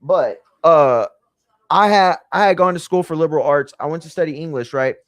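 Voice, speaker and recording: A man's voice: on the high side, normal speed, dry recording. A young man casually reacting to wrestling in a slangy, profane, blunt way.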